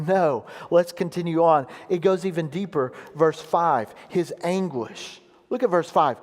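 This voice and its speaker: A man delivers a sermon from the pulpit, his voice sitting high for a man. He explains scripture with emphatic, weighty stresses. Long reverb trails off each phrase in the sanctuary. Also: animated, a little mellow. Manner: emphatic preaching, reads scripture aloud with slow weighty pauses. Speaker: pastor. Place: church sanctuary.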